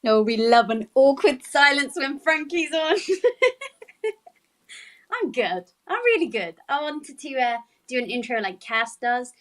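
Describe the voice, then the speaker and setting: British woman, higher voice, slow unhurried delivery, teasing and giggly. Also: lively intonation, fairly bright tone. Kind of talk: casual chat on a live audio space.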